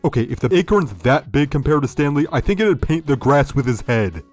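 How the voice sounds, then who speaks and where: A man's voice: medium pitch, lively intonation, brisk, darkish tone, faint music behind. A man hosting a critical video review, sardonic and profane. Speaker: video essay host.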